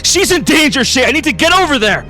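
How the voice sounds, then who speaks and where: A man voicing a desperate young man who pleads and shouts to reach the woman he loves. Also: a little high, animated, moderate pace, soft background music. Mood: frantic.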